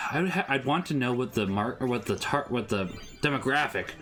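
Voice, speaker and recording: Give me a chatty man reading viewer chat on a relaxed game stream, with a lively voice. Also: medium pitch, normal speed, faint music behind. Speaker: streamer co-host. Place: home streaming setup.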